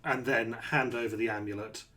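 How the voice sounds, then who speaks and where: A man playing in a tabletop game, planning out loud with plenty of fillers. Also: medium pitch, fairly even intonation, normal speed. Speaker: player. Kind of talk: casual tabletop gaming chat. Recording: faint background music.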